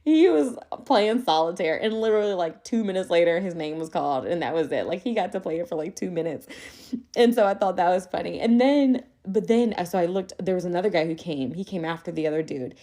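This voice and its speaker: A young adult woman hosting a podcast, telling a story in a chatty, animated way and calling her listeners "y'all.". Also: fairly low pitch, fairly quick. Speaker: podcast host. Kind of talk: casual storytelling monologue.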